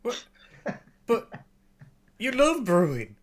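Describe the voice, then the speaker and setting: A man's voice: very high-pitched, huge pitch swings, takes it slowly, pitched above the performer's own voice, exaggerated voice. A man voicing a loyal dwarf brewmaster, earnest and flustered as he pleads. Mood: pleading.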